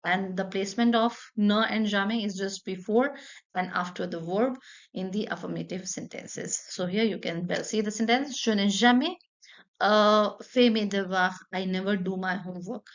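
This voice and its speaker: A woman's voice: mid-range voice, normal speed, highs cut off. Patient woman teaching a French lesson. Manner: patient, explains step by step with repeated examples. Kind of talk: online language lesson.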